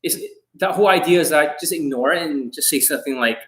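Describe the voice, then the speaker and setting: A man's voice: mid-range voice, quick pace, a bit bright. A man coaching on a live stream, answering viewer questions in a blunt, profane, brash way. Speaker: dating coach.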